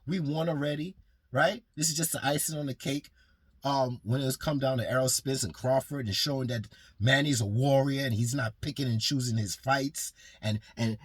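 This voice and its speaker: A man talking fast and passionately about boxing on his own channel, rambling and swearing freely as a fan. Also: mid-range voice, a bit bright, slightly rough, dry recording. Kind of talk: casual fan commentary vlog.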